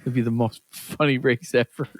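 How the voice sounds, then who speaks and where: A man's voice: mid-range voice, steady tone, normal speed, no echo. A man co-hosting a casual podcast chat, teasing the others with dry jabs. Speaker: podcast co-host.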